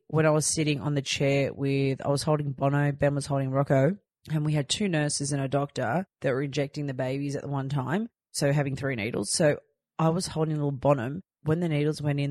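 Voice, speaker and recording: A woman's voice: low voice, fairly even intonation, a little fast, a little mellow, no room sound, clean studio sound. A woman in her thirties hosting a podcast, chatting and telling stories with rambling asides. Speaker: podcast host. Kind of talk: casual chat.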